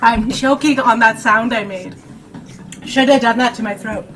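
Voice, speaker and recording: A woman running a streamed tabletop game as game master, chatty, jokey and quick to poke fun at herself. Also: fairly high pitch. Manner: chatty, jokey and self-mocking. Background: faint dramatic music.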